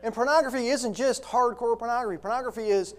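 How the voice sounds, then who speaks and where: High-voiced preacher man. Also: fast. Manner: reads scripture, then preaches with rising intensity. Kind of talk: sermon.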